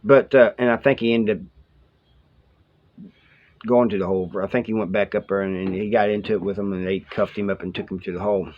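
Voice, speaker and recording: Rambling ex-con telling prison stories. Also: male voice, on the low side, fairly even intonation, a little fast. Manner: rambling, colloquial, quotes others in dialogue. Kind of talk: casual storytelling to camera. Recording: slightly dull lo-fi audio.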